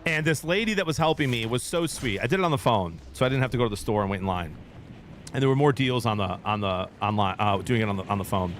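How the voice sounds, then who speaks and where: A man's voice: lowish voice, fast talker, a little hiss or hum. A man in his thirties, a streamer, telling a rambling story in casual chat with his viewers.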